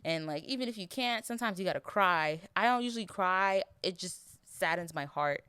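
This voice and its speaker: A woman's voice: fairly low pitch, expressive, normal speed, bright, forceful tone, clean tone, no echo. A young woman hosting a casual solo podcast, talking in an emotional, rambling way with some swearing. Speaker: podcast host.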